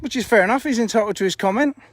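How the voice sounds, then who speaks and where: A man's voice: high voice, racing, no echo. Chatty, blunt Englishman outdoors, dry sound. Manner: chatty, blunt, swears casually. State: out of breath. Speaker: fishery owner streaming live. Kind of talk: casual live stream chat. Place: outdoors at a fishing lake.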